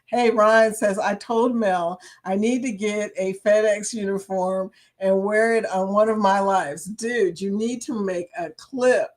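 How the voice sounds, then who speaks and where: A woman's voice: mid-range voice, fairly even intonation, a little slow, hardly any pauses, darkish tone. Chatty woman hosting a live chat. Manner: chatty, laughs often, greets viewers by name. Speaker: livestream chat host. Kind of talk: casual live-stream chat.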